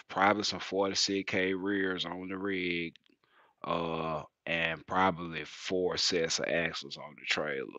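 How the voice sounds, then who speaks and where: A man who drives heavy-haul trucks, chatting casually on a livestream as an animated storyteller who laughs often. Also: deep voice, no echo, dull audio.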